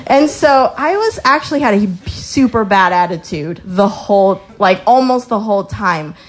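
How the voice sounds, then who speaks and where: A woman's voice: mid-range voice, normal speed. A young woman sharing a faith testimony in a casual sermon style, telling stories with acted-out quotes and reading scripture aloud. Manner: lively storytelling with acted-out quotes.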